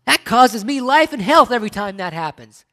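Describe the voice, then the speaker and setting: A man's voice: very high-pitched, animated, normal speed, bright, forceful tone. Emphatic preacher man. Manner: emphatic, rhetorical questions, frequent restarts. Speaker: pastor. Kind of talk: sermon.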